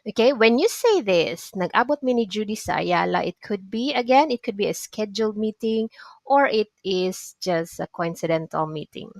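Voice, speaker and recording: A woman's voice: medium pitch, lively intonation, normal speed, gravelly, no room sound. A woman teaching a language lesson, patiently repeating phrases and checking understanding with frequent "okay?"s. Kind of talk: explaining vocabulary lesson.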